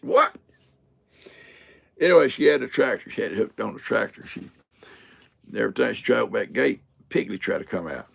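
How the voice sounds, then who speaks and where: A man's voice: mid-range voice, vocal fry, breathy edge. An older man hosting a livestream, telling folksy stories, acting out quotes and laughing often. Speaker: livestream host. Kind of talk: casual livestream chat.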